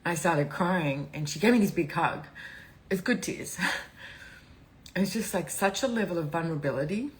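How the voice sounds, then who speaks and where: A woman's voice: on the low side, animated, normal speed, pauses often, poor audio. A woman hosting a live stream, talking in a rambling, candid and emotional way, teary and laughing often. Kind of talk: casual live-stream talk.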